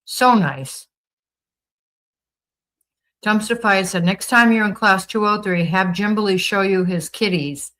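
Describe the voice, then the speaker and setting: A woman's voice: medium pitch, measured pace, long pauses, a bit bright, rough recording. Chatty woman with a Boston accent. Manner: reads viewer comments aloud and responds chattily; upbeat, gushing. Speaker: livestream host reading chat. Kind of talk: casual chat.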